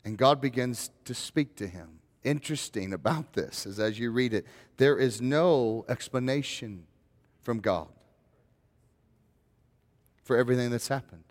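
A man's voice: mid-range voice, unhurried, big-room sound. A male pastor preaching a sermon in a conversational way, building to rising, emphatic questions.

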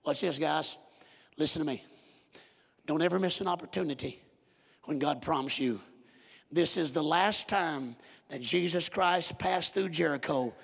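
A man preaches in a high, gravelly voice, telling the story vividly and calling out to his listeners. His husky voice rings through a church with a long reverb. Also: measured pace, pauses often. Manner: animated storytelling, direct address. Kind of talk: sermon.

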